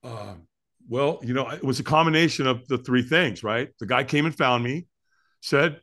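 A man who is a podcast guest, telling a story in an excitable way, acting it out with sound effects and laughs. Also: mid-range voice, moderate pace. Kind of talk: animated storytelling.

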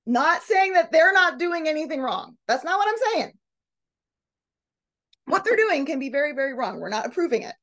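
A middle-aged woman leads a group coaching session with a fairly high, expressive voice. She reacts to participants' comments and slips into lively impressions of the people she quotes. Her tone stays conversational and encouraging. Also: moderate pace. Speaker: podcast host and coach. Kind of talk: coaching talk to a live group.

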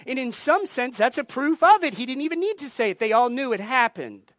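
A woman pastor preaching a sermon in a deliberate, emphatic way, repeating key phrases for weight. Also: high voice, big pitch swings, no room sound, studio quality.

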